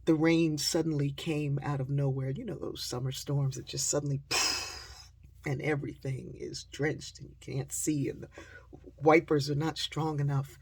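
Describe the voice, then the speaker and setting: Gravelly-voiced woman storyteller with a deeply husky tone, speaking straight to the audience and giving the people in her story their own voices. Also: moderate pace. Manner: lively storyteller who acts out quoted voices.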